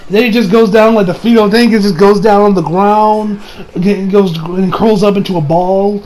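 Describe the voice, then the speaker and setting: High-voiced man rambling through an anime recap. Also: moderate pace, poor audio. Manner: excitable and rambling, swears freely, restarts sentences. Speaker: anime episode reviewer. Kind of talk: casual spoken episode recap.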